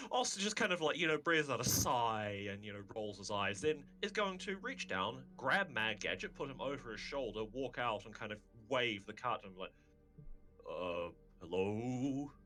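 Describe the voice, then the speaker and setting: A man's voice: mid-range voice, very animated, moderate pace, pushed and bright, faint music behind. A man playing a tabletop game, describing his character's actions in a rambling, filler-heavy way with frequent laughs. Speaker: player.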